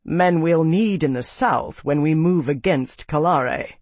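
A man reading an audiobook, voicing a measured, wry male knight officer. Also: on the high side, darkish tone, no echo. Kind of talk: audiobook character voice.

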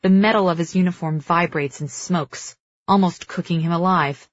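A woman narrating dramatic first-person fiction as an audiobook reader, measured and slowing for tense moments. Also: on the low side, dry recording, highs cut off.

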